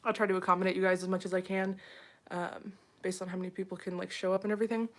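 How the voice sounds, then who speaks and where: A woman's voice: mid-range voice, flat delivery, very fast, a bit bright. A young woman chatting casually on a home live stream, frazzled and full of fillers, talking to viewers as she reads the chat. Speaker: livestreamer.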